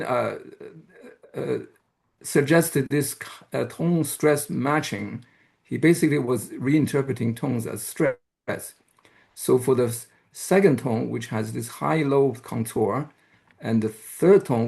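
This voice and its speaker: A man giving an academic lecture who explains step by step, pauses often and checks in with the audience. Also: mid-range voice, creaky, darkish tone. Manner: hesitant, with frequent "uh" and restarts. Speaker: university lecturer.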